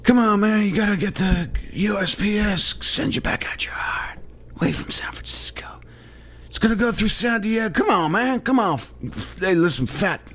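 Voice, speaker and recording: A man's voice: high voice, animated, moderate pace, few pauses, fairly bright tone, voice pushed up. A man doing a comic impression of a confused, rambling elderly politician who mumbles and trails off into whispers.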